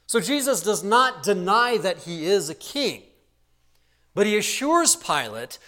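A man giving an expository Bible teaching, measured and explanatory, letting his voice drop low and soft on asides. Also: big pitch swings. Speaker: preacher.

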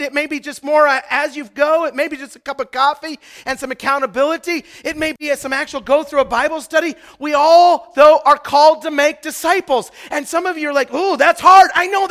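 A middle-aged man from Idaho preaching a sermon, telling personal stories and building to loud, emphatic bursts. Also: very high-pitched, fairly even intonation, a little fast, hardly any pauses. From Idaho, USA. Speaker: pastor.

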